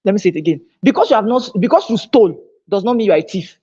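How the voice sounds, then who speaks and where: A woman giving a motivational talk at a business seminar, her pitch sitting mid-range. She pushes her key points with a climbing, louder voice and often restarts and repeats phrases. The recording is dull and lo-fi. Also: lively intonation, rapid-fire, slightly rough. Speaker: seminar speaker. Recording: dull lo-fi sound.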